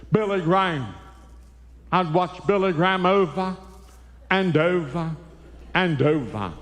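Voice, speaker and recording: A Christian comedian and speaker tells folksy jokes and stories live to an audience in a church sanctuary. His mid-range voice comes in a chuckling, stop-start rhythm, and the live recording echoes through the hall.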